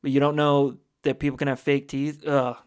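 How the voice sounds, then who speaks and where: A man's voice: medium pitch, level tone, normal speed, a little mellow, clear, resonant tone. A man co-hosting a comedy book podcast, chatting casually and joking. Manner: joking, puts on silly voices. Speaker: podcast co-host.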